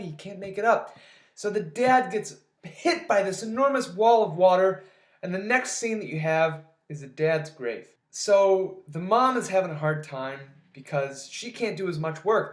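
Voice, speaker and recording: Sarcastic, ranting movie recapper in an echoey room. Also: medium pitch. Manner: sarcastic, exasperated, swears freely. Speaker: movie reviewer. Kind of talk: casual movie recap rant.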